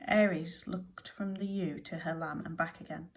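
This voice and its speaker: A woman narrates a children's adventure story in a somewhat low voice. Her reading is lively and expressive, leaning into the funny and tense parts. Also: normal speed, hardly any pauses, rough recording. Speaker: audiobook narrator.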